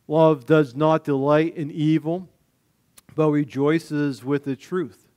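A man preaching a sermon, animated, swinging between loud emphasis and quiet low asides, acting out the voices of everyday people. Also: slow. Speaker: pastor.

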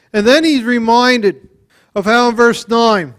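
A man preaching a sermon on a psalm, earnest, often repeating and restarting words, moving between soft, low passages and louder, emphatic ones. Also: fairly even intonation, moderate pace.

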